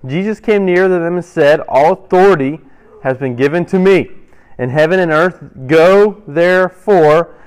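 Young male youth pastor, lightly raised pitch, joking interactive sermon style. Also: clear, resonant tone. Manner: playful, quizzes the audience, quick asides. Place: church hall with audience.

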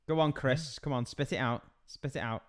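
A man's voice: medium pitch, moderate pace, crowd noise. A male podcast host trading casual comedy banter. He teases his co-hosts with profane, mock-grumpy jabs in an ordinary mid-range voice.

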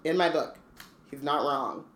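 Low-voiced woman cohost, reads a chapter then chats, laughs a lot. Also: measured pace, slight background noise. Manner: chatty, laughs often, fillers. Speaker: podcast co-host. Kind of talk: casual chat and reading aloud.

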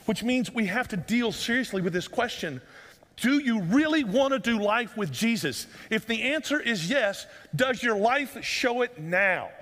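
High-pitched preacher guy, earnest, pleading, lots of rhetorical questions, long echo like a big church. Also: lively intonation, unhurried, a bit bright. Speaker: pastor. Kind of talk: sermon. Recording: long reverb of a large room.

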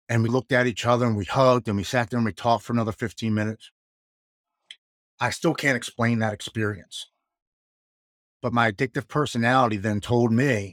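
A man's voice: mid-range voice, fairly even intonation, brisk, no echo, studio quality. A man in his forties, a guest who earnestly recounts his past and often stumbles over and repeats his words. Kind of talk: candid personal storytelling.

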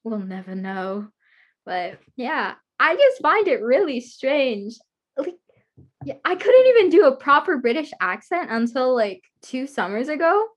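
A woman's voice: high-pitched, very animated, measured pace. A woman hosting an interview over a video call, chatting casually, giggling often and rambling through her stories. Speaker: guest host interviewer. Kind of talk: casual chat.

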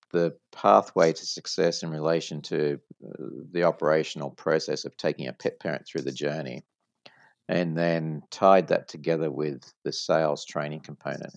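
Deep creaky-voiced man explaining business. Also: no echo, dull audio. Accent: non-American. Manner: explanatory, storytelling with examples. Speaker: franchise executive guest. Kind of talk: business interview.

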